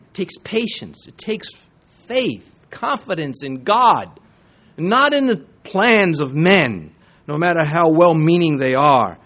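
A male pastor preaching a sermon, emphatic, swinging between quiet asides and raised exhortation. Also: on the high side, very animated, normal speed.

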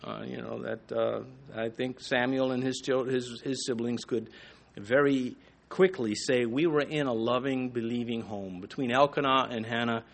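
A man preaching a sermon, reading scripture slowly with rising emphasis and dropping to a soft, low voice for asides. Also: steady tone, vocal fry. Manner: slows and rises in pitch on quoted scripture. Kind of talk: expository sermon.

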